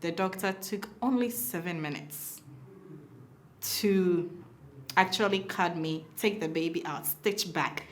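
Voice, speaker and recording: A woman's voice: slow, a little hiss or hum. A young woman telling a personal story in a casual way, acting out the voices of the people she quotes. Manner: animated, acts out quoted dialogue with big pitch swings. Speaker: mother telling her birth story.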